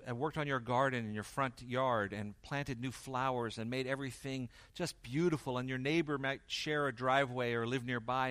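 A man preaching a sermon, swinging from loud emphasis to quiet intensity and acting out the dialogue he quotes. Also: fairly high pitch, no echo. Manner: acts out quoted dialogue in varied voices. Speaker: pastor.

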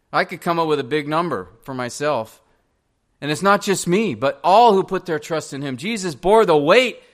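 A man's voice: on the high side, a bit bright. A male pastor preaching a sermon in a church, earnestly pressing direct questions on the congregation.

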